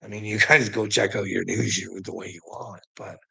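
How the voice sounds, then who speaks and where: A man rants on camera in a rambling, profane way, laughing often. His voice is gravelly and husky. The tone is sharp and tense. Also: lowish voice, fairly even intonation, normal speed. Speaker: vlogger. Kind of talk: casual profane rant.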